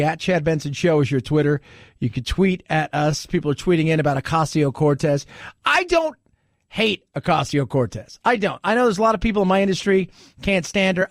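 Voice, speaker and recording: Chatty high-voiced radio host man. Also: gravelly, dry recording, studio quality. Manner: chatty, rambling, laughs at his own stories. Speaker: radio talk show host. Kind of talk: casual talk radio monologue. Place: radio studio. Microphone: studio microphone.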